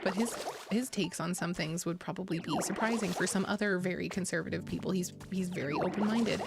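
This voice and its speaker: A woman chatting casually to her viewers while streaming a game, giggly and rambling with many restarts. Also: medium pitch. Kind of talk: casual gaming stream chat. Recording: clear game music underneath. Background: game music.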